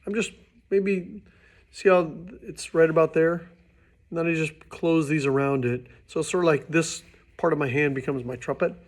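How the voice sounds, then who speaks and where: A man teaching beginning trumpet, his voice sitting a little higher than most men's. He explains patiently and casually, now and then restarting a phrase as he demonstrates. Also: steady tone, normal speed. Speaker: music teacher. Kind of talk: instructional demonstration.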